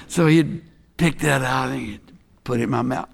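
An older man preaching a sermon, telling stories and swinging from hushed asides to shouted emphasis. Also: on the high side, normal speed, creaky. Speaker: pastor. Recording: long hall reverb.

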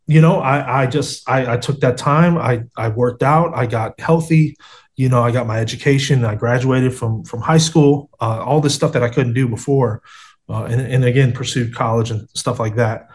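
A man's voice: medium pitch, normal speed. A man telling his faith story in an interview over a video call, earnest and street-casual, often saying "man" and "bro".

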